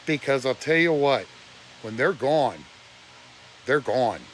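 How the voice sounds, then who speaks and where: A man's voice: mid-range voice, lively intonation, slow pace, slight background noise. A man ranting on a live stream, preachy and blunt, his voice close to breaking with emotion. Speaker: livestreamer.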